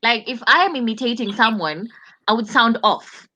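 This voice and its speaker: A woman chatting as a panelist in casual commentary, animated and often restarting her words, from outside the US. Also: on the high side, moderate pace, dull audio.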